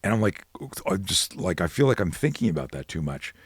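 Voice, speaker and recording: A middle-aged man with a very deep, husky voice tells stories as a podcast guest. He is animated and slips into other people's voices as he acts out the dialogue. The recording is dry and close. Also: a little fast, dry recording. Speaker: guest, self-defense expert. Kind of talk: storytelling in a podcast interview.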